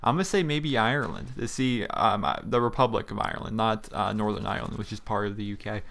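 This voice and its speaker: A man's voice: lowish voice, expressive, fast talker, gravelly, a bit bright. A young man from Pennsylvania, a gaming YouTuber, chatting loosely over gameplay from a small room at home, with lots of fillers and restarts. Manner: rambling, chatty, frequent fillers. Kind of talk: casual commentary over gameplay.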